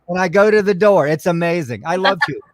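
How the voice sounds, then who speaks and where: Man, middle-aged, slightly higher voice, playful joker, dry close mic. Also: animated, a little fast, no echo. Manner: joking, playful. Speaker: guest co-host, radio talk show host. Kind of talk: casual chat.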